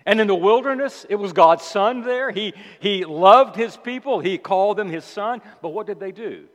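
Emphatic preacher in a reverberant hall. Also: male voice, high-pitched, normal speed, fairly bright tone. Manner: emphatic preaching with rhetorical questions. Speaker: pastor. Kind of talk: sermon. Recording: long reverb of a large hall.

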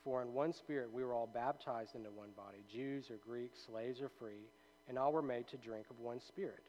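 A man's voice: mid-range voice, normal speed, a little mellow, slight background noise, rough recording. A man teaching a Bible study in a loose, conversational way, reading passages aloud and checking in with his listeners. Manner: conversational, with many fillers and tag questions.

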